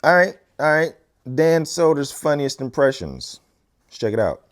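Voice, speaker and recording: A man hosting a reaction video, talking in a relaxed, slangy way. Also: fairly high pitch, normal speed. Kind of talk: casual reaction chat.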